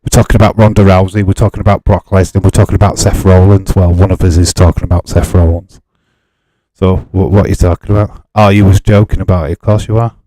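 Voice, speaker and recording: A man's voice: sits low, level tone, quick pace, dark tone, dry recording. Exasperated man chatting live. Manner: exasperated, chatty, laughs often, reads chat aloud. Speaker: live-stream host. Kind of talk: casual live chat with viewers.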